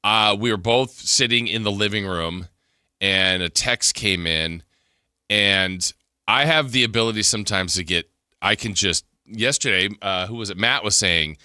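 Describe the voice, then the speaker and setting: A man co-hosting a sports radio show, telling stories in an animated, casual way. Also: fairly low pitch, a little slow, clean tone, dry recording, clean studio sound. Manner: animated storyteller, gasps and laughs while telling. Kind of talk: casual chat. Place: radio studio.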